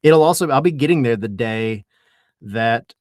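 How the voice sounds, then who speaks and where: A man co-hosting a casual sports podcast, relaxed and rambling, saying y'all. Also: medium pitch, moderate pace, no room sound, clean studio sound. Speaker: podcast co-host. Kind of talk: casual chat.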